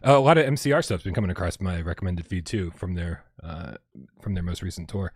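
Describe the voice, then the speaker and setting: A man's voice: deep voice, quick pace, husky, no room sound, clean studio sound. A man co-hosting a casual gaming podcast, joking around and rambling with restarts. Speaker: co-host.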